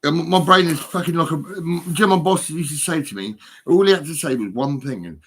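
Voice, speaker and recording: A man's voice: fairly high pitch, brisk. A man rambling in casual chat, swearing often, stammering and repeating his words as he tells stories. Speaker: storyteller talking to a friend.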